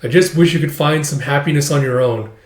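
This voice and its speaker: A man's voice: a little high, a little fast. A man casually retelling a story in a chatty, offhand way. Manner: casual, peppered with "it's like". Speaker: video host retelling a comic chapter. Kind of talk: casual recap with voiced parts. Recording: roomy echo.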